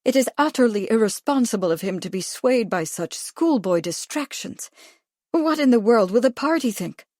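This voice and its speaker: A woman's voice: fairly high pitch, animated, moderate pace, a little mellow, no room sound, studio quality. A woman voicing a tired, stiff middle-aged society mother. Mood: weary.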